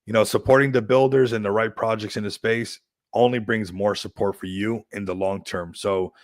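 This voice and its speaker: Man, crypto stream host, low voice, dry close sound, rambling hype chat. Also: steady tone, normal speed, no echo. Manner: rambling, upbeat hype talk with frequent laughs. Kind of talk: casual livestream chat.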